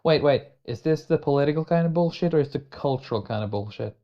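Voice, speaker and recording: A man's voice: a little high, expressive, fast. A man co-hosting a podcast in casual chat, making sardonic, mock-cheerful quips. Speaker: podcast co-host. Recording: slightly dull, lo-fi sound.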